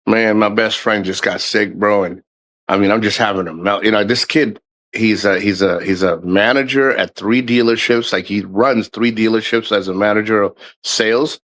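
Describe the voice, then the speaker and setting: A man's voice: fairly low pitch, fairly even intonation, moderate pace, a bit bright, poor audio. A middle-aged man hosting a livestream, talking candidly and at length in a rambling way, swearing often. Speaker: livestream host. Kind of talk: casual livestream monologue.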